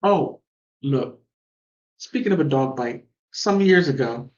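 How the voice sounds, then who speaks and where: A woman from the mountains hosting a call-in show and telling stories in a casual, animated way. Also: slow pace, muffled recording. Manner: animated storytelling with big pitch swings. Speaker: host. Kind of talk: casual chat.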